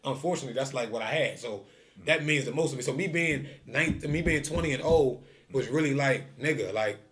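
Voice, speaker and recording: Fast-talking animated man storyteller. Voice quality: heavy profanity and slang. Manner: animated storyteller, acts out quotes with rising pitch. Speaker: streetball tour organizer. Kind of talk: casual storytelling chat.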